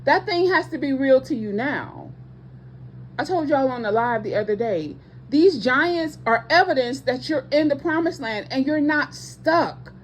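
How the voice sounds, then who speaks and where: A woman ministry host preaches passionately to online viewers, emphatic and repeating her points, with speech patterns and casual asides. Her voice sits high with lively intonation, she speaks a little slowly, and there's slight background noise.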